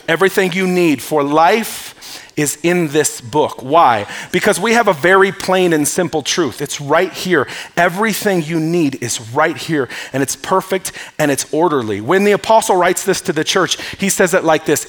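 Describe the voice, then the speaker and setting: A man's voice: sits high, animated, moderate pace, sharp tone. A male pastor preaching a sermon in an emphatic way, calling on the congregation to respond. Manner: emphatic, calls for audience response. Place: church.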